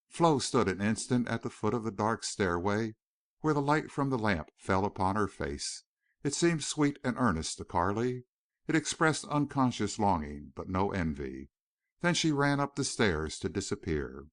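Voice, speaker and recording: A man's voice: lowish voice, very animated, moderate pace, no room sound, studio quality. A man reading a novel aloud as an audiobook narrator, telling the story expressively. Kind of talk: scripted narration.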